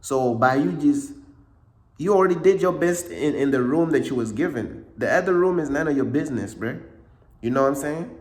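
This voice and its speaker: A man giving a casual motivational talk, repeating himself often, with a slightly cracking voice and frequent throat clearing. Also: fairly high pitch, animated, moderate pace, a little mellow, reverberant. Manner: repetitive, conversational, frequent "bruh" and "you know what I'm saying". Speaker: motivational speaker.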